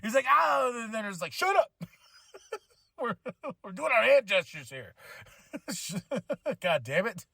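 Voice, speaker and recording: A man hosting a podcast, giving a casual, excitable wrestling show review, swearing freely and laughing often. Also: high voice, slow pace, pauses often, husky, no room sound, studio quality. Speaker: podcast host.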